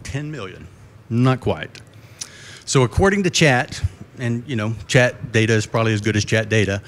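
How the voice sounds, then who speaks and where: A man's voice: mid-range voice, expressive, normal speed. A middle-aged man giving a live conference keynote, telling folksy jokes and putting questions to the crowd. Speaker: keynote speaker. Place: conference stage before a live audience.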